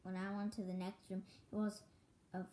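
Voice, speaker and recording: A woman reading a children's book aloud in a halting way, often restarting words, recorded with room echo. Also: mid-range voice, flat delivery, mellow, slight background noise. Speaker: storybook reader. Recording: echoey room.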